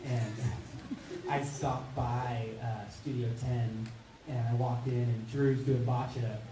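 A man's voice: mid-range voice, fairly even intonation, slow pace. A male voice actor telling a chatty, laughing anecdote on a convention panel. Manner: chatty storyteller, laughs at own stories. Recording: echoey hall, distant mic, noisy.

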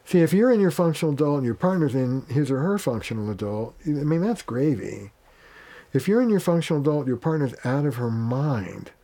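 A man with a mellow, warm-toned voice talks as a family therapist being interviewed. He is plain-spoken and casual, and he slips into quoted lines of dialogue to make his points. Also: on the high side, animated, fairly quick. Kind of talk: conversational interview.

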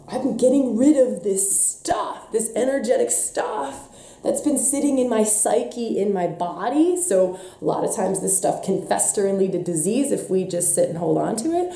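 A woman's voice: a little high, expressive, measured pace, creaky. Emphatic woman teaching in an echoey room. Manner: emphatic, swings between hushed and loud, acts out inner voices. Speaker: workshop leader. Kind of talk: spiritual teaching talk on a live stream.

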